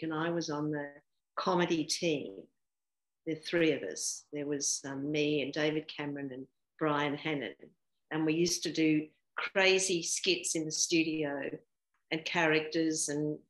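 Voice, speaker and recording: A woman's voice: low voice, a bit bright. A woman in her sixties, a guest actor chatting casually in an interview, laughing often and full of fillers and restarts. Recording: roomy echo.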